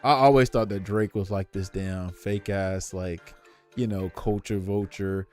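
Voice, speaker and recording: A man's voice: deep voice, measured pace, soft background music. A young man streaming from home, ranting in casual slang and addressing his chat directly. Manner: animated, opinionated, slangy, talks to chat.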